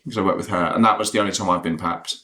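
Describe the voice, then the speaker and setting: A man's voice: low-pitched, steady tone, very fast, bright, forceful tone. A man co-hosting a podcast, telling chatty anecdotes in a casual chat and laughing often. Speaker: podcast co-host.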